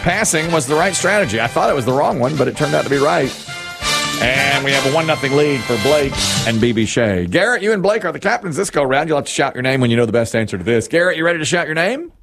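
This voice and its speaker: A man's voice: fairly high pitch, fast. Guy hosting a game show, teasing players, voice goes up and down a lot, faint music. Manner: lively, teasing, animated.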